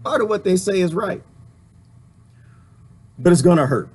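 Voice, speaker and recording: Ranting man with a lively pitch. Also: normal speed, background noise. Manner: emphatic, rhetorical questions, swearing, laughs often. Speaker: vlogger. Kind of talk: impassioned political rant.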